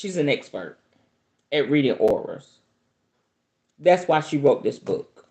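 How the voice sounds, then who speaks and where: Slow and low-pitched, a woman reads a book aloud on her podcast. She lightens it with animated, playful asides between read sections.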